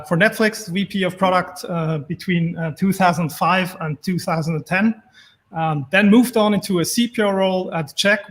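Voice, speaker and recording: A man hosting a remote event, introducing the speaker with many pauses and fillers. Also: sits high, fairly bright tone. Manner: hesitant, many ums and uhs. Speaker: event host.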